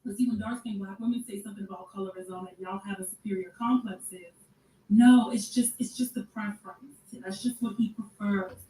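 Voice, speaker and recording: A woman in casual commentary, talking in a sarcastic, chatty way. Her voice sits at an everyday middle pitch. She is heard from a little away from the mic in an echoey room with a faint hiss behind her. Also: steady tone, warm tone, distant mic. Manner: sarcastic, conversational, drawn-out asides.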